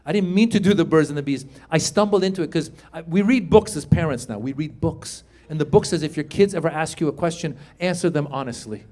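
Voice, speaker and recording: A middle-aged man doing a stand-up comedy set, telling stories with animated delivery and squeaky put-on voices. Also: fairly quick, few pauses. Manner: animated storytelling, acts out high squeaky voices. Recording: live stage mic, audience laughter. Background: audience laughter and room ambience.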